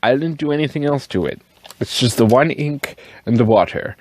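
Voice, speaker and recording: A tipsy man rambling casually in a show-and-tell vlog, swearing and wandering up and down in pitch. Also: expressive, normal speed, a little mellow. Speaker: fountain pen vlogger.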